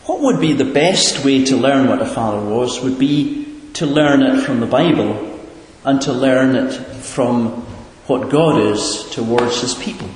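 A man's voice: medium pitch, a little slow. Guy preaching a sermon, earnest and questioning, lots of echo from a big hall. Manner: earnest, questioning, with hesitant repeats. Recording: echoey hall, far from the mic.

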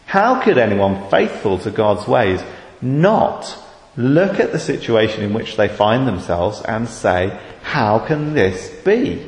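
A British man preaching a sermon, measured and deliberate, rising to fervent emphasis on key words. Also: fairly low pitch, very animated. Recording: echoey hall with long reverb.

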